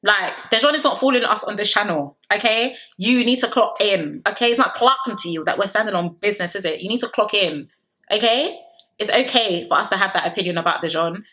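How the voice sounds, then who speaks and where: A woman's voice: medium pitch, a little fast, sharp tone. A young woman reviewing a reality show in a chatty, sassy commentary vlog full of rhetorical questions.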